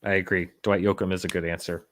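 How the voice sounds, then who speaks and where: A man's voice: sits low, little pitch movement, fast talker, fairly bright tone, slight background noise. A man hosting a casual live-stream news chat, talking in a wry, rambling way with lots of filler words. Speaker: host.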